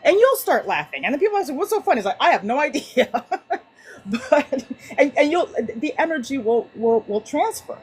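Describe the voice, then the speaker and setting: A woman on an online group call, sharing casually with lively, acted-out anecdotes and frequent restarts. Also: sits high, fairly quick, rough recording. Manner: animated storyteller, many restarts and acted-out quotes. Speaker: book club participant.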